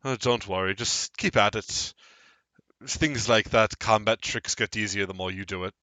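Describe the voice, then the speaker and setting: A man's voice: on the low side, normal speed, pushed and bright, no room sound. A man as an earnest, encouraging knight.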